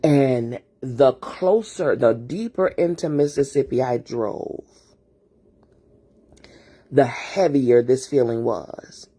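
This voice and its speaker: A woman's voice: very deep voice, slow, dark tone, husky. A woman host telling a personal story in a casual, earnest way, often repeating her words. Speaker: host and therapist. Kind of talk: emotional storytelling monologue.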